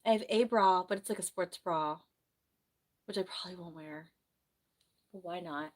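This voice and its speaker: Streaming from her bedroom, this New Jersey nurse talks casually and rambles, reading out comments from viewers. She's young, speaks at a normal speed in a fairly low voice, and sounds slightly hoarse because of the flu.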